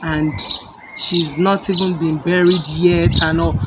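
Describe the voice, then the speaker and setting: Fervent woman preaching over loud noise. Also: low-pitched, steady tone, slow pace. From Nigeria. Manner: fervent, repeats phrases. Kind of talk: testimony and prayer. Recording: loud background noise with birdsong.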